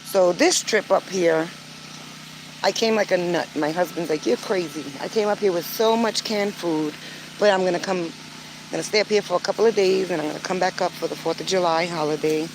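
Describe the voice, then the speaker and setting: A woman's voice: fairly low pitch, fairly even intonation, fairly quick, noisy background. An older woman vlogging casually to camera, chatty and earnest, with frequent filler words. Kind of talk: casual vlog talk to camera.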